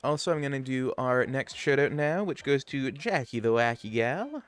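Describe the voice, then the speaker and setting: A man streaming a game live, chatty and excitable, talking to his chat as he plays. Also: medium pitch, moderate pace, clean tone. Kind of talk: live gameplay commentary.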